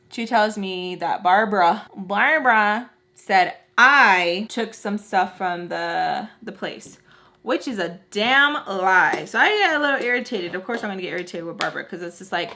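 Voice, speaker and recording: A woman in her twenties telling a personal story to her viewers, animated and frank with casual slang. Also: medium pitch, normal speed. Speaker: storytime vlogger.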